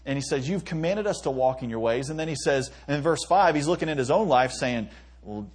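A man's voice: a little high, animated, a little fast, slightly rough. A man preaching an earnest sermon to teenagers, reading scripture aloud and acting out heartfelt prayers. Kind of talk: sermon to youth.

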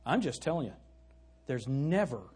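A man's voice: medium pitch, sing-song, normal speed, a little mellow, slightly rough. A male pastor preaching an emphatic sermon, asking his congregation questions and reading scripture aloud.

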